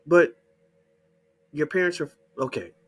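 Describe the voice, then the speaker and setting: A middle-aged man with a husky, slightly high voice delivers a profane, mocking rant. His pitch swings widely as he jeers and goads. Soft music plays faintly behind him. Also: sing-song, moderate pace. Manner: heated, mocking, swears constantly. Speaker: channel host. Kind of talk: profane ranting monologue.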